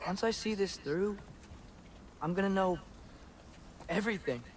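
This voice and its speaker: A man's voice: high voice, measured pace, a little hiss or hum. An actor voicing an earnest, determined teenage boy in a video game, speaking eagerly. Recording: game audio with music behind.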